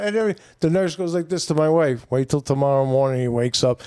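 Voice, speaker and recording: A middle-aged man with a New York accent tells stories as a podcast guest. He talks in a rambling, animated way, full of fillers, and his voice sits a little high for a man. The sound is dry and close. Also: fast, clean tone, dry recording. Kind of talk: casual storytelling.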